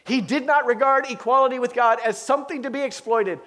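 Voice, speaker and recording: A male pastor preaching a sermon in an animated way, with a story-telling swing. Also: very high voice, a little fast.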